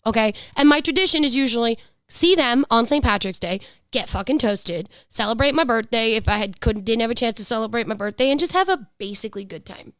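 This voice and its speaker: New york lady podcasting, kinda high smooth voice, dry close sound, rambles and laughs a lot. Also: animated, brisk, a bit bright, dry recording. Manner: chatty, laughing, swearing, restarts often. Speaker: podcast co-host. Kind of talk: casual chat.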